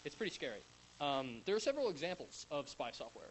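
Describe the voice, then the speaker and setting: A man's voice: fairly high pitch, very animated, quick pace, a little hiss or hum, poor audio. A young man giving a casual, rambling talk at a tech conference in front of a live audience, with many fillers and restarts. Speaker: conference speaker.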